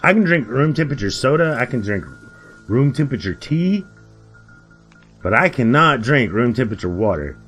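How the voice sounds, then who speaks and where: Nasal, chatty man with a lively voice. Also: medium pitch, moderate pace, soft background music. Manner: laughs often, chatty and joking. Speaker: co-streamer. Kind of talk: casual chat.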